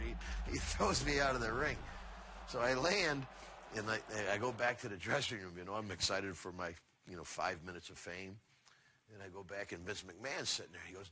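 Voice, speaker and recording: A man's voice: on the low side, a little fast. An older man, a retired wrestler, telling a casual anecdote and acting out the dialogue in it. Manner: animated storyteller acting out dialogue.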